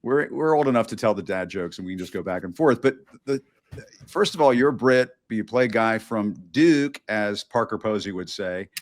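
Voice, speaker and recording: A man hosting an interview, chatting casually with jokey asides and halting restarts. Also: lowish voice, lively intonation. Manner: jokey, conversational, hesitant restarts. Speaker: interview host.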